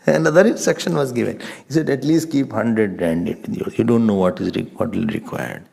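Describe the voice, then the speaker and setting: A man's voice: fairly low pitch, moderate pace, vocal fry, breathy edge. A man with an Indian English accent giving a spiritual sermon as a swami, emphatic and repetitive, mixing in Hindi words. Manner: animated, emphatic, repeats phrases, mixes in Hindi words.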